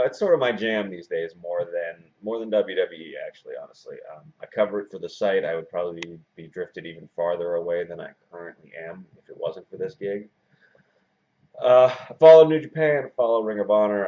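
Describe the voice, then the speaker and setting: A man in his forties hosting a casual wrestling video blog, talking in a self-described monotone and rambling with many fillers and restarts. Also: deep voice. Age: 40s. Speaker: wrestling blogger and video host. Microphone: camera mic. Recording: dull lo-fi camera audio.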